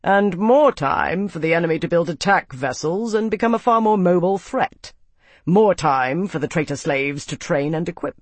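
A man's voice: high voice, expressive, moderate pace, dry recording. A man reading an audiobook, voicing a stern, hawkish male senator who barks orders. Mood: commanding. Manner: forceful, barking orders. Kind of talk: audiobook character voice.

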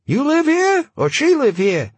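A man voicing a huge, pushy young man with a slight Yiddish accent, an oddly high-pitched voice and broken English, in an audiobook. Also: huge pitch swings, unhurried, no room sound, full character voice. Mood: insistent. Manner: loud, insistent, repeats questions. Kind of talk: audiobook narration.

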